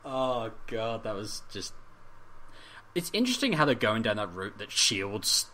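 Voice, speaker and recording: A young man co-hosting a casual podcast, excitable, laughing often and reacting quickly. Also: lowish voice. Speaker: podcast co-host. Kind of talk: casual chat.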